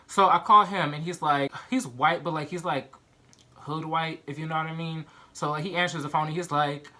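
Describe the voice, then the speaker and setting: A young man vlogger telling a story in an animated, casual way, full of "like" and "you know what I mean". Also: on the high side, normal speed. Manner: animated, filler-heavy storytelling. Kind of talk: storytime vlog.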